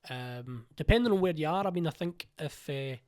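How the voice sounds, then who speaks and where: A man's voice: a little high, lively intonation, normal speed, a little mellow. A Glaswegian man in his forties, a playwright and producer talking eagerly in an interview, rambling with frequent restarts. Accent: Glaswegian Scottish. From Scotland. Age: 40s. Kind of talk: casual interview chat.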